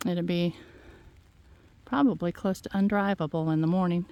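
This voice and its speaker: A woman, slightly out of breath, talking gently and haltingly to her viewers outdoors on a phone. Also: fairly low pitch, fairly even intonation, lo-fi sound. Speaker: farm vlogger. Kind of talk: casual heartfelt talk to viewers. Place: outdoors in fog. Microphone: handheld phone.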